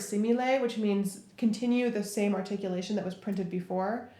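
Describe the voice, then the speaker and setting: Viola teacher woman in echoey room. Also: medium pitch. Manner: step-by-step coaching, talking through bowing while playing. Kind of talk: instrument tutorial.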